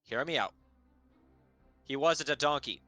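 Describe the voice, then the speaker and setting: A man's voice: on the high side, a little slow, sharp tone, no room sound, faint music behind, pitched above the performer's own voice. A man voicing a cocky male detective in a tabletop game, with a put-on New Jersey accent and swaggering, emphatic delivery. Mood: explaining. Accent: mock New Jersey.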